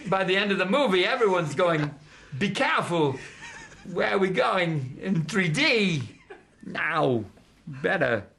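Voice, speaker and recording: A man in an interview riffing comically and sliding into impressions with a gravelly voice. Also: a little high, fairly bright tone, a little hiss or hum. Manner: rapid-fire riffing, slips into impressions. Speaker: interviewee comedian.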